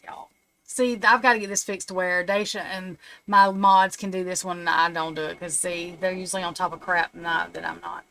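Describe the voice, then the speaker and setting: A woman's voice: fairly low pitch, steady tone, normal speed, vocal fry, pushed and bright, a little hiss or hum. A woman giving a casual, rambling tarot reading on a live stream from her home. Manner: chatty, rambling, laughs at her own remarks. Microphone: streaming setup.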